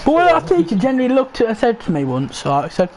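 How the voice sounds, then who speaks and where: High, animated sweary young Englishman. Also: rapid-fire, a crowd in the background. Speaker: host. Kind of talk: casual chat while playing a football game.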